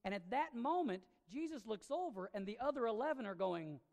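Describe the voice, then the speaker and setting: A woman pastor delivers a sermon in an emphatic, conversational manner. Her voice swings widely in pitch and carries a gravelly edge. It rings out with the long reverb of a church hall. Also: expressive, fairly quick, a little mellow. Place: church sanctuary.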